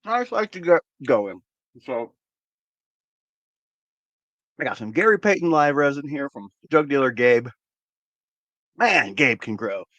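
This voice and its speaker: A laid-back man hosting a casual stream, rambling and repeating himself, with a mid-pitched voice. His talk is loose and profane, and the sound is dry and close with no room echo. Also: lively intonation, a little slow, long pauses, fairly bright tone, highs cut off. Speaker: cannabis channel host. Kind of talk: casual livestream chat with viewers.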